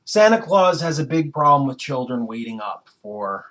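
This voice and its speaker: A man's voice: medium pitch, sing-song, moderate pace, a bit bright. A young man co-hosts a loose, joking conversation full of crude asides. His delivery rambles, with restarts as he spins out the bit. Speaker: co-host. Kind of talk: casual chat.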